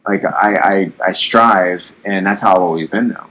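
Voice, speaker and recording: A man's voice: deep voice, moderate pace, fairly bright tone, rough recording. A young man in his twenties hosting a casual podcast, rambling bluntly with lots of swearing and fillers; his voice sounds youthful. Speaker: podcast host.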